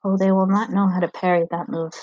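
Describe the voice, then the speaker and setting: A woman reading aloud, voicing a calm, learned male royal advisor who explains things in a measured way. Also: mid-range voice, muffled recording, slight background noise, close to an everyday voice.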